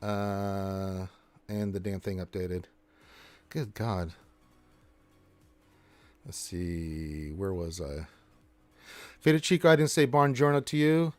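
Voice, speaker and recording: A man's voice: low voice, slow, long pauses, a little mellow, dry recording. A man hosting a casual gaming livestream, reading chat in a blunt, emphatic, rambling manner.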